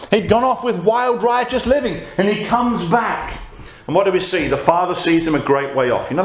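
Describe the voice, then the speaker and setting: A man preaching a conversational sermon and reading scripture aloud. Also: fairly high pitch. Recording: echoey church room.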